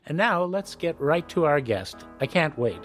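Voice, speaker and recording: A man's voice: on the high side, sing-song, normal speed, a bit bright, soft background music. A man hosting an interview, giving an enthusiastic, admiring introduction and asking questions. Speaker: host.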